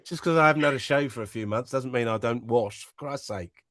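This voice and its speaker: A man's voice: mid-range voice, a little fast, fairly bright tone, dry recording. A man as a comedian guest in casual banter, teasing and playful. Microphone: headphones.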